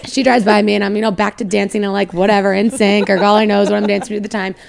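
A young woman chatting casually, telling an animated, playful story. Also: medium pitch, racing, vocal fry. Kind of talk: casual chat.

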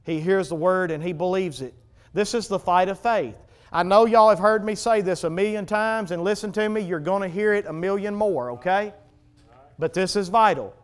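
High-voiced preaching man, clear tone. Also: moderate pace. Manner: dynamic preaching, swinging from loud emphasis to hushed tones. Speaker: pastor. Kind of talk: sermon.

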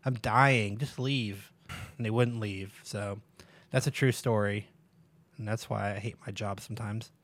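A man's voice: fairly low pitch, flat delivery. A man hosting a podcast in casual chat, telling stories and swearing freely. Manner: swearing, storytelling, quick to laugh. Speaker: podcast host.

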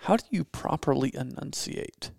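A man's voice: a little high, expressive, normal speed, gravelly, darkish tone, no room sound, studio quality. A young man with a Southern US accent, co-hosting a live stream in casual chat, laid-back and joking.

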